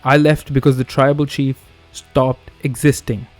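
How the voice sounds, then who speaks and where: A man's voice: mid-range voice, little pitch movement, measured pace, no room sound, faint music behind, close to an everyday voice. A man voicing a male wrestling manager who speaks bluntly and coldly. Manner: blunt, cold.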